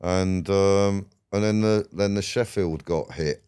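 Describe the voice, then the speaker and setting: A man's voice: low voice, fairly even intonation, slow pace, mellow, clean tone. A man, a podcast guest rambling through stories, swearing and laughing as he goes. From England. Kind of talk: casual storytelling interview.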